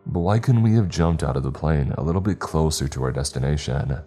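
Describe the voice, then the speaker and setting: A man narrating a scripted first-person horror story in a measured, deliberate way. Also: very deep voice, expressive, warm tone, husky, soft background music.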